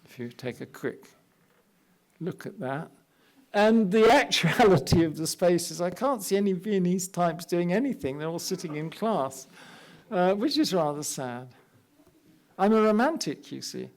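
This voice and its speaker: An older Englishman with a British accent guides his audience through slides during a public lecture in an art academy's lecture hall. He is an architect, and his voice sits slightly high for a man, animated and a little slow. Between points he drops in wry, self-deprecating anecdotal asides.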